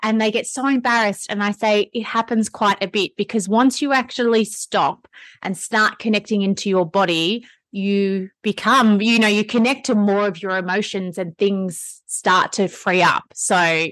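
A woman's voice: mid-range voice, fairly even intonation, moderate pace, a bit bright, dry recording. Chatty woman podcast host, dry sound. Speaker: podcast host and Pilates instructor. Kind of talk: conversational podcast interview.

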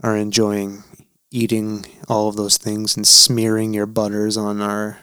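A man's voice: on the low side, monotone, measured pace, bright, forceful tone, smooth, dry recording, studio quality. A man co-hosting a podcast in casual chat, jokey and irreverent, with mock-indignant asides. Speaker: podcast co-host.

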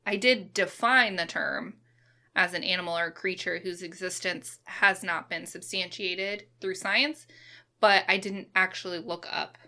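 Woman, podcast co-host, bright tone, slow pace, casual, thinks aloud. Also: fairly low pitch, steady tone. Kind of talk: casual chat.

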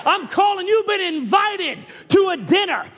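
A preacher voicing an eagle's call, loud and proclaiming in a raised voice. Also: male voice, extremely high pitch, sing-song, measured pace, pitched above the performer's own voice, heavily acted. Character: eagle calling the soul upward, commanding.

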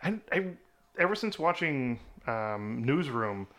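A man's voice: medium pitch, very animated, slow pace, fairly bright tone. Casual podcast co-host, a man, easy and laughing. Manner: chatty, laughs often. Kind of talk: casual chat.

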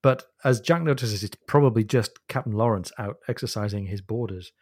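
A man co-hosting a book podcast, retelling a novel's scenes in a lively storytelling way. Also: on the low side, a little fast, no echo, studio quality. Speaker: podcast co-host. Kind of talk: casual book discussion.

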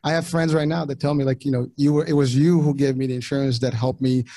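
A middle-aged man from Morocco, whose first languages were French and Arabic, talking casually as an interview guest in halting sentences with many restarts. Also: mid-range voice, flat delivery, mellow. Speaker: podcast guest.

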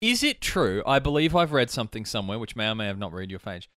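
A man hosting a casual podcast, sardonic and fond of dark jokes. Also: fairly low pitch, very animated, fast talker, dry recording, studio quality. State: recovering from illness. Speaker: podcast host. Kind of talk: casual chat.

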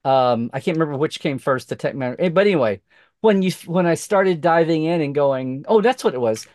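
A middle-aged man from Oklahoma, a podcast guest, telling a lively story in casual chat, acting out quoted voices with many restarts. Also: a little high, fairly quick, dry recording, clean studio sound.

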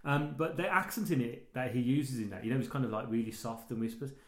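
A man in a relaxed podcast chat, laying out film history and trivia at a steady mid pitch, with plenty of ums and restarts. His voice sits in a noticeably roomy, echoing space. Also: fast talker. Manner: informative, reads out background facts with hesitant fillers. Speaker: podcast host. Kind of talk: casual film-discussion chat. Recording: roomy echo.

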